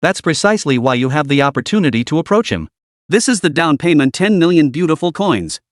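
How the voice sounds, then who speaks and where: Brief: smooth male spy agent, confident and persuasive, read by a man, slightly high voice, dry. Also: expressive, a little fast, dry recording, natural voice.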